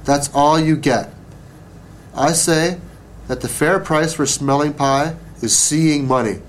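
A man's voice: fairly high pitch, takes it slowly, slight background noise. A man voicing a shrewd, leisurely small-town judge in a storybook. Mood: wry. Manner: leisurely and wry.

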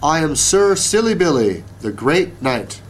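A man's voice: a little high, big pitch swings, unhurried, a little hiss or hum, pitched above the performer's own voice. A man voicing a boastful, bumbling young knight in a storybook reading. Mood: proud.

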